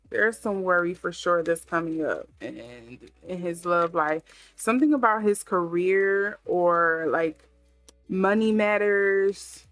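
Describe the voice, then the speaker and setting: Woman, tarot reader, musing, thinking out loud, dry close sound, faint music underneath. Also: lowish voice, no echo. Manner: musing, thinking aloud with many fillers. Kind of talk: casual intuitive tarot reading.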